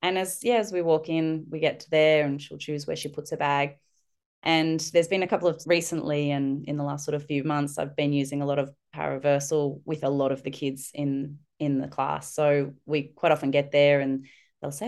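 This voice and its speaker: Brief: woman, low voice, animated storyteller on a remote interview. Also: normal speed. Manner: animated, acts out quotes in high voices. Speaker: guest, parenting instructor.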